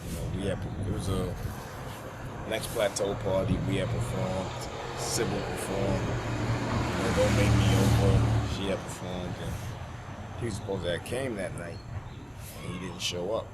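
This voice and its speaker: Deep-voiced man over loud traffic. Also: steady tone, moderate pace. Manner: casual street talk, repeating himself. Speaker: interviewee in a documentary. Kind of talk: interview recollection.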